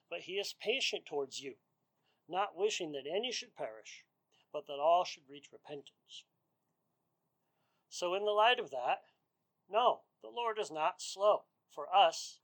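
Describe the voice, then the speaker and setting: A man preaching an expository sermon in an earnest, measured way, asking rhetorical questions. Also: on the high side, fairly bright tone, poor audio.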